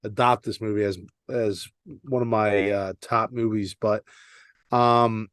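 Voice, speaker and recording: A man co-hosting a casual podcast chat, talking haltingly with many pauses and restarts. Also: lowish voice, fairly even intonation, fairly bright tone, clear, resonant tone, no echo, studio quality. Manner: hesitant, many fillers and restarts. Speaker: podcast co-host.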